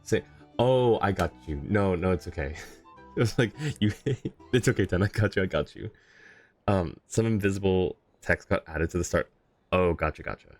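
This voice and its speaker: A man with a low voice streams a game, chatting casually with viewers at a normal speed. He rambles and laughs often while faint music plays behind him.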